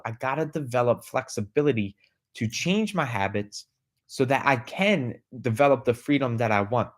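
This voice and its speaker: A man hosting a podcast, giving a motivational talk that keeps asking the listener questions, tagging lines with "right?" and "okay?" and repeating words as he restarts. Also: mid-range voice. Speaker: podcast host.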